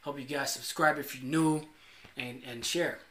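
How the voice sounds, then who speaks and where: A man co-hosting a podcast in casual chat, animated and slangy, often saying "bro". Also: mid-range voice, unhurried. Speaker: podcast co-host. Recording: roomy echo.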